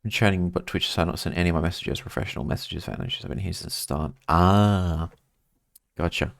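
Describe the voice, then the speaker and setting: A man's voice: low-pitched, a little fast, gravelly, no echo, clean studio sound. An Australian man streaming a game, chatting casually and rambling while reading his chat aloud.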